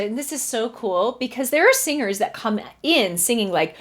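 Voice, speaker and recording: Animated woman voice teacher demonstrating singing. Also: a little high, normal speed. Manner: chatty, animated, breaks into sung vocal examples. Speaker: voice teacher and podcast host. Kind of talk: podcast singing lesson with sung demonstrations. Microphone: studio mic.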